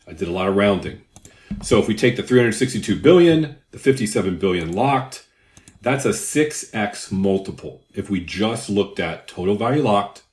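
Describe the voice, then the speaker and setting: Deep-voiced older man explaining crypto. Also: darkish tone. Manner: conversational, rambling asides. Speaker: crypto YouTuber. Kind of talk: casual explainer with anecdotes. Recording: roomy echo.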